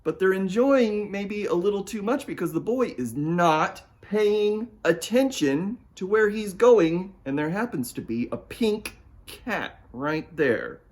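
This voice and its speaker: A man's voice: high-pitched, expressive, slow pace. A man reading his picture book aloud at storytime, playful and talking straight to young listeners. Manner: playful, talks to young listeners and asks them to join in. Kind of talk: storytime read-aloud for children.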